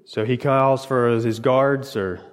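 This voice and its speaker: A man's voice: medium pitch, fairly even intonation, takes it slowly. A male pastor delivers a sermon in church, retelling a scripture story dramatically. His voice sits in a middle register and comes in short, broken phrases. A long reverb from the large hall trails after each line.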